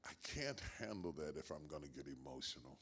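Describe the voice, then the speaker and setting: An older man with a grandfather's years, a pastor answering interview questions in a measured, emphatic preaching cadence with repeated phrases. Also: rumbling low, expressive, a bit bright, a little hiss or hum. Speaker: guest pastor.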